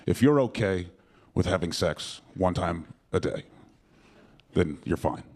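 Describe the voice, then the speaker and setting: A man's voice: sits low, lively intonation, unhurried, a little mellow. A young man performing a stand-up comedy set in a comedy club, rambling and profane with lots of fillers and self-mockery. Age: young adult.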